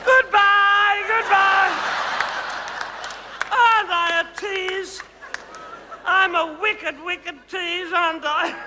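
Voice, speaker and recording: Very high yet gravelly and sharp, heavily acted, an Australian-accented male comedian plays a vain, glamorous ex-housewife megastar, teasing the audience on a large theatre stage in a live comedy monologue. He's camp and gushing and calls them darlings. This VHS broadcast captures a reverberant hall with audience noise.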